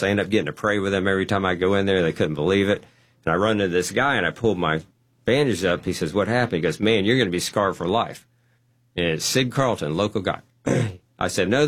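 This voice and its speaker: Man, very deep voice, animated storyteller, acts out dialogue. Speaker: guest. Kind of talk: testimony storytelling.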